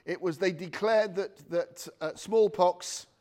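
A man's voice: high voice, slow, darkish tone. A man preaching an informal sermon to a small room, chatty and digressive, with restarts and asides to his listeners. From United Kingdom. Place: room with a live audience. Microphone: speaking without a handheld mic.

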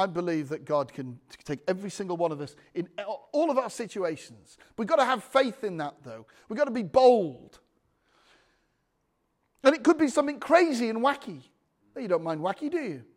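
A man's voice: high voice, sing-song, normal speed. A man preaching a sermon, telling a personal testimony with frequent restarts and calls for amen. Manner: anecdotal, restarts often, calls for amens.

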